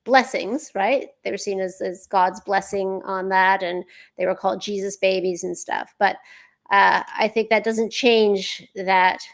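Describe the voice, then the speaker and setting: A woman's voice: mid-range voice, steady tone, measured pace. Woman author talking over a video call. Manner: conversational storytelling, many fillers. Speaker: guest author.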